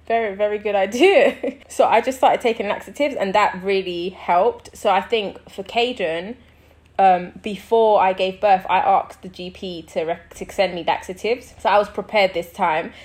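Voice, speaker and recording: A young woman, co-hosting a casual chat and telling a story with lively acted-out quotes and frequent laughter. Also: medium pitch. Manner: animated storytelling, acts out quoted people, laughs often. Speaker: podcast co-host.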